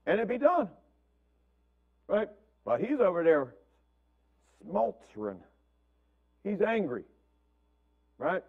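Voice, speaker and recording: A man's voice: high-pitched, wildly swooping pitch, slow, pauses often, dull audio. A man preaching a conversational sermon as pastor, repeating words and checking in with "right?". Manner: asks "right?" constantly, repeats words, acts out family quotes.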